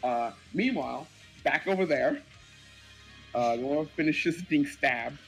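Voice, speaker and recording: A man's voice: fairly high pitch, lively intonation, a little slow, vocal fry, soft background music, poor audio. A man narrating as a dungeon master, loose and laughing, with many fillers. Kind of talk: narrating a tabletop game.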